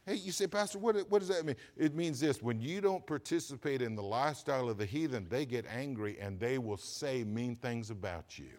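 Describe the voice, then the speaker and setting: A pastor preaching a sermon, swinging from quiet asides to loud, emphatic lines. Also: male voice, medium pitch, animated, fairly quick, few pauses.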